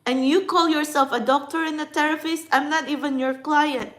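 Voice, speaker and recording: High-voiced woman venting in a vlog. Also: steady tone, fairly bright tone. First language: Filipino dialect. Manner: rambling, emotional, halting with restarts. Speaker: spiritual vlogger. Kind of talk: emotional personal vlog.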